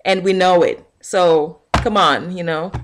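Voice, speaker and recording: Animated low-voiced woman ranting. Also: a little slow, a little hiss or hum. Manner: animated storytelling, acting out quotes. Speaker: vlogger. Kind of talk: casual rant to camera.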